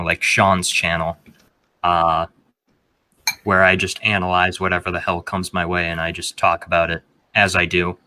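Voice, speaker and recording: Deep-voiced young man, rambling podcast chat. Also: sharp tone, dry recording. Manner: rambling, full of filler words. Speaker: podcast host.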